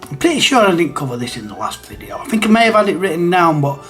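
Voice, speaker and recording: A man's voice: fairly high pitch, sing-song, fast talker, soft background music. A man hosts a retro gaming channel and talks casually to camera, rambling and hesitant, with many restarts and chuckles.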